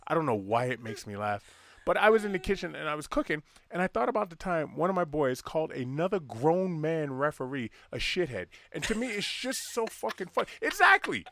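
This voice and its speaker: A man's voice: on the high side, very animated, fairly quick, a bit bright, dry recording. A middle-aged man co-hosting a podcast in crude casual banter. He swears freely, laughs often, and reads listener messages aloud. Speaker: podcast co-host.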